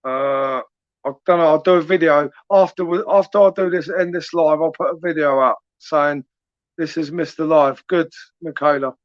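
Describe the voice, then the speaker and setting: Late at night, a young man from southern England livestreams, casually teasing and chatting as he reads viewers' comments aloud. He speaks at normal speed in a fairly high voice with fairly even intonation, and the sound is dry, dull, and lo-fi.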